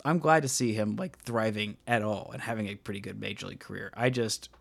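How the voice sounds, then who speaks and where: A man's voice: fairly low pitch, brisk, creaky, no echo. Chatty man on a dry podcast mic. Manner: chatty, lots of fillers, jokey. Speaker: podcast co-host. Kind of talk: casual sports podcast chat.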